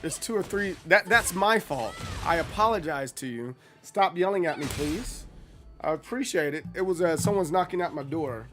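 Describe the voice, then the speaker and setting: A man casually commenting on his live stream, chatty and animated as he talks to his chat between rounds. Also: a little high. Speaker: game streamer.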